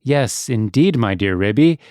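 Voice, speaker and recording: A man's voice: medium pitch, expressive, unhurried, dark tone, no room sound, studio quality, natural voice. A man voicing an anxious, fussy female dog guest who whimpers and frets. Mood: fretful.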